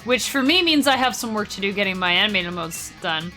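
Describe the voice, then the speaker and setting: A woman's voice: mid-range voice, expressive, bright, forceful tone, faint music behind. A young woman streaming a game live, chatting casually with her viewers and laughing easily. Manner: chatty, talks to chat, quick laughs. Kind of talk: casual live-stream chat while gaming.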